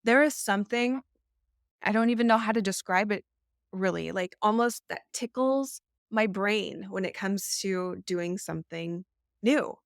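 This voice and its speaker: A woman speaks in casual conversation as a podcast guest and tells stories from her own business with lively candour. Her voice sits mid-range for a woman. The sound is dry and close, with no room around it. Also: medium pitch, measured pace, creaky, no room sound. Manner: lively, candid storytelling. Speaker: podcast guest, marketing agency owner.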